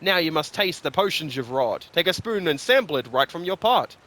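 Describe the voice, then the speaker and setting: Man doing a jovial mocking dwarf king, grand and bright. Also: on the high side, lively intonation, a little fast. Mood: commanding. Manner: laughing, grand.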